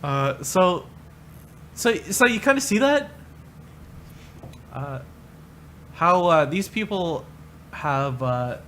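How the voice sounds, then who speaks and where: A man's voice: on the high side, sharp tone, a little hiss or hum. A man ranting crudely on a livestream, rambling and mocking, often laughing. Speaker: streamer.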